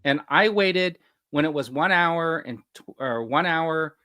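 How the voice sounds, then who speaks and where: A man's voice: a little high, animated, measured pace, bright, forceful tone, dry recording. Guy on a toy podcast rambling thru his math, laughs a lot, dry mic. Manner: rambling, works through numbers aloud, laughs often. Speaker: podcast co-host. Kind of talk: casual panel chat.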